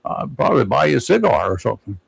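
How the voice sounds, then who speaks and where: A man's voice: mid-range voice, very animated, fast, gravelly, husky, dry recording, rough recording. A man hosting a local talk radio show, chatting with a caller and reading the weather. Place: radio studio.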